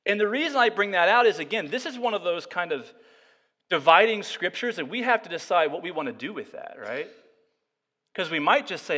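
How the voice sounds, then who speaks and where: A man preaching from the pulpit with a bright, forceful tone and a slightly high voice. He swings from hushed, unhurried musing into loud, driving emphasis. His voice rings out with a long reverb, as in a big hall. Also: animated, breathy edge. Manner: shifts between quiet, slow musing and loud, emphatic passages. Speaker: pastor. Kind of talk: sermon.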